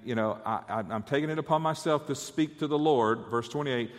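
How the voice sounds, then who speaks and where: Preacher guy, talks like a chat, trips over his words a lot, middle pitch, echoey church hall. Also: normal speed, few pauses. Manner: stammering repetitions, conversational. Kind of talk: sermon.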